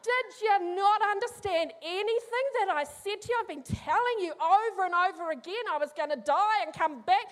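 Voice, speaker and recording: A woman's voice: very high voice, expressive, slow pace, a little mellow, voice pushed up, exaggerated voice. A woman preacher jokingly playing an exasperated savior who scolds a disciple. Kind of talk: sermon role-play.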